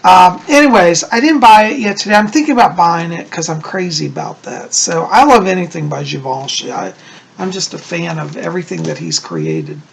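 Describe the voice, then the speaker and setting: A man, a psychic and Wiccan high priest, chatting casually to his viewers in a gushing, rambling way. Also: animated, brisk, creaky, husky. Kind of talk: casual chat to camera.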